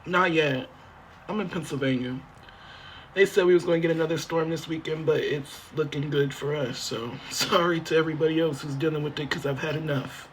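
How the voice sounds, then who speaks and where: A man's voice: on the high side, steady tone, fairly quick, a little hiss or hum. A man chatting on a phone livestream from a motel room, rambling, repetitive and swearing freely as he talks straight to his viewers. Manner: talks straight to chat, half joking. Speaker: livestreamer asking viewers for help. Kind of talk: casual livestream chat.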